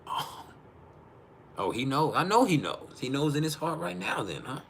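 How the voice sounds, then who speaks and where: A man's voice: a little high, sing-song, normal speed, creaky, fairly bright tone, slight background noise. A man hosting a casual livestream from home, teasing his viewers with profane jokes and laughing often. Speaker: livestream host. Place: at home, refrigerator behind him.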